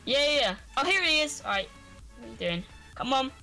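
A woman's voice: high voice, big pitch swings, brisk, creaky, sharp tone, faint music behind. A woman with an Irish accent, hosting a casual gameplay chat and rambling along with lots of fillers and restarts. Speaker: gaming channel host.

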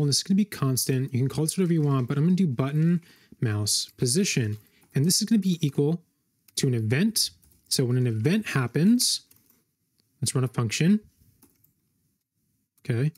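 A man hosting a coding tutorial, thinking aloud as he types, with frequent fillers and quick self-corrections. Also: on the high side, expressive, a little mellow. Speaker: web design tutorial host. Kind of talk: screen-recorded coding walkthrough.

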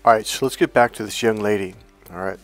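A man working as a dating and relationship coach, telling an unscripted story in an energetic, earnest way with rambling restarts. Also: fairly low pitch, fast talker, no room sound, soft background music.

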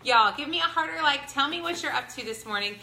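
A woman hosting a live unboxing from her home, bubbly and excited, greeting viewers by name. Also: sits high, fast talker. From Ohio, US. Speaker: product review livestream host. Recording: echoey room with background noise.

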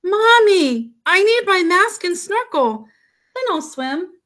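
A woman voicing a small, excitable young boy frog who whines and cries out in a high, squeaky voice. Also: takes it slowly, full character voice. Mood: pleading. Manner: whiny, loud outbursts.

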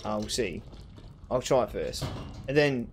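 A young man commentating a horror game playthrough, swearing and ranting with excitable outbursts. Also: medium pitch, measured pace, background noise. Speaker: gaming streamer. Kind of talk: let's play commentary.

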